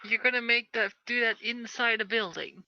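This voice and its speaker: A woman playing a tabletop game, teasing and asking quick questions. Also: on the high side, fairly even intonation, sharp tone, no room sound. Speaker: player. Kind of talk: casual tabletop play. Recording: dull lo-fi recording.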